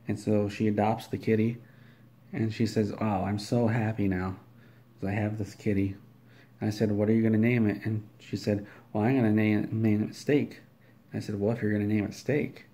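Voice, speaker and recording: A man telling an absurd comic story in a rambling, matter-of-fact, deadpan way. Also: on the low side.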